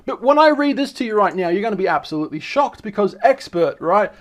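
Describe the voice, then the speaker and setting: A man, giving casual, excitable commentary as he reads articles aloud, often restarting and repeating words. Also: sits high, fast talker. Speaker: channel host.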